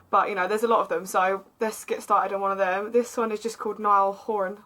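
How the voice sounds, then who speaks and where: A woman's voice: medium pitch, flat delivery, quick pace, hardly any pauses, fairly bright tone, low-quality recording. A woman with an Essex accent reading fan fiction aloud in a casual vlog, with chatty, sarcastic asides.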